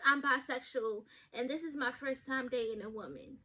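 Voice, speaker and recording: A woman's voice: high voice, measured pace, pushed and bright. A woman hosting a podcast, reading advice stories aloud and giving blunt, profane, chatty takes straight to her listeners, sometimes stumbling over words. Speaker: podcast host.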